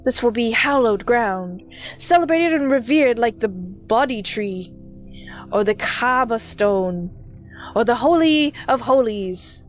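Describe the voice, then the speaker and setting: A woman's voice: a little high, expressive, slow. A woman voicing a pompous elderly man with a British accent who claims to be God. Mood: haughty. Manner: smug, self-important, condescending.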